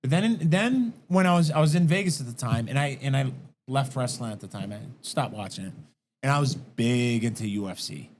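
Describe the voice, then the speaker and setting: A man on a casual podcast, telling stories in a lively, profane way and acting out what people said. He is recorded in a garage. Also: medium pitch, brisk, slight background noise. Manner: animated, profane storytelling, acting out quotes. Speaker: podcast guest.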